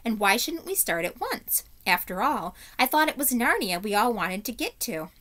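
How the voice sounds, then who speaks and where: A gentle but frank talking mare from a children's storybook, as a woman reading aloud puts her on. The voice sits higher and lighter than the reader's own and stays earnest and plain-spoken. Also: very animated, moderate pace.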